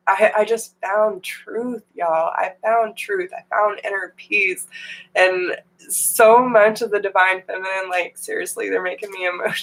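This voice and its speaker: A young woman doing a live tarot reading, her voice sitting a little low and her delivery unhurried. She talks casually, greets viewers by name and drops a lot of y'all along the way. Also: fairly bright tone, poor audio. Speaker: tarot reader.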